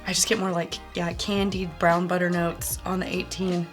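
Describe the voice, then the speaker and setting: A woman's voice: lowish voice, flat delivery, normal speed, faint music behind. A woman co-hosting a casual tasting chat, thoughtfully searching for the right descriptive words. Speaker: co-host.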